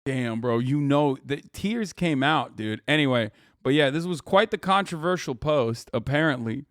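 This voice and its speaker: A man's voice: mid-range voice, lively intonation, moderate pace, no room sound, clean studio sound. A man in his thirties casually commenting on a video as a streamer, profane and mocking.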